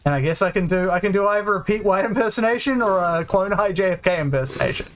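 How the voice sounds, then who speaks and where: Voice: medium pitch, animated, quick pace. A let's play gamer talking casually while playing, swearing freely and joking at their own expense. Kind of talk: casual gameplay chat.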